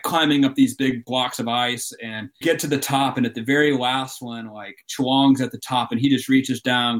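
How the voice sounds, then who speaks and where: Man, mountain guide guest, animated storyteller with frequent laughs. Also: mid-range voice. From Alabama. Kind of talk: storytelling interview.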